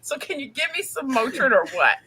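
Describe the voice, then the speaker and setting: A woman in her forties in casual chat, blunt, profane and quick to laugh. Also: sits high, very animated, bright, forceful tone, slightly rough, poor audio. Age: 40s.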